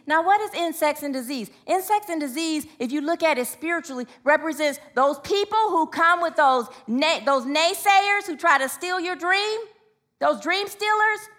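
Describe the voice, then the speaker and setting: A woman's voice: very high voice, expressive, moderate pace, a bit bright. A woman preaching a sermon, telling personal stories and calling out to the congregation for responses. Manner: personal storytelling.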